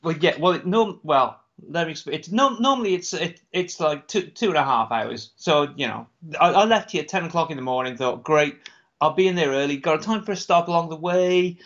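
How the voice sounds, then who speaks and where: Podcast co-host, male, rambling anecdotal storyteller, slightly high pitch, dull lo-fi recording. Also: expressive, fairly quick, few pauses, fairly bright tone. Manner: rambling storyteller, swears, laughs often. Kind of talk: casual chat. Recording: dull lo-fi sound.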